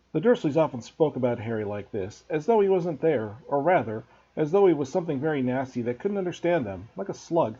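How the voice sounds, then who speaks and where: Lively, husky man reading a story aloud. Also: fairly high pitch, a little fast, hardly any pauses, muffled recording. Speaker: teacher reading to students. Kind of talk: storybook read-aloud narration.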